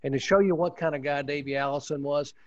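A man's voice: on the high side, steady tone, fast talker, no echo. Enthusiastic man telling a long story. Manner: enthusiastic, rambling with restarts. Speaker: former pit reporter, guest. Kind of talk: casual storytelling interview. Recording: dull, muffled lo-fi audio.

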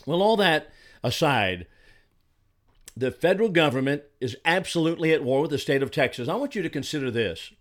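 Older male commentator from Arizona, indignant and emphatic, slightly higher voice. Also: lively intonation, fairly quick. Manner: indignant, emphatic, repeats words when heated. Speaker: political commentator. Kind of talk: solo commentary monologue.

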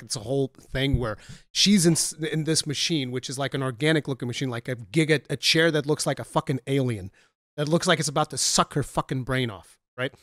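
A man chats about games on a podcast, in a fairly high voice recorded close and dry. He tells stories with animated energy and swears freely. His talk stays loose and casual. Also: no echo. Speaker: podcast co-host or guest. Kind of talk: casual gaming chat.

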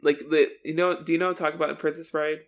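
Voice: mid-range voice, little pitch movement, very fast. A podcast co-host in casual chat who laughs often and acts out lines from an episode.

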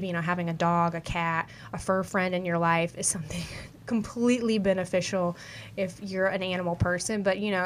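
A young woman with a light Southern country twang talks through personal advice in a casual podcast monologue. She is chatty and upbeat, leaning on fillers as she goes, at a middle pitch, with a faint low rumble under her voice. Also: a bit bright. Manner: chatty, upbeat, heavy with "like" and "you know". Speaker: podcast host.

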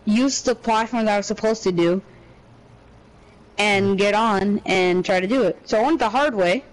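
A man's voice: sits high, fairly quick, rough recording. A young man co-hosting a podcast, telling a story in a rambling, exasperated way full of casual slang. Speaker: podcast co-host. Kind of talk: casual chat.

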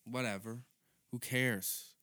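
A man's voice: medium pitch, fairly even intonation, slow pace, bright, forceful tone, no room sound. A young man doing a rambling, profane comedic monologue as a podcast host.

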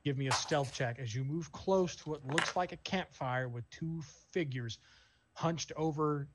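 A man narrating as game master in a tabletop role-playing game, describing scenes in a relaxed way with many fillers. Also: fairly high pitch, a little slow, noisy background.

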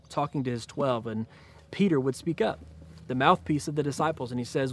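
A man preaching a sermon to a church congregation, retelling scripture in a relaxed, conversational way. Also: fairly high pitch, brisk. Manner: conversational, paraphrases scripture in casual speech. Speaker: pastor.

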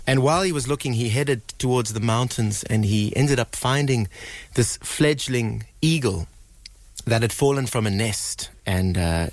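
A man's voice: mid-range voice, no echo. A middle-aged man and musician guest telling a story earnestly on live radio, with frequent fillers and restarts. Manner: earnest, animated storyteller with many fillers and repeats.

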